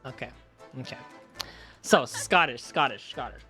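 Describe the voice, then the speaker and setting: A man streaming a game, chatting casually and joking, quick to apologize. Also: high voice, very animated, pushed and bright, soft background music. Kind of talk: casual gameplay commentary.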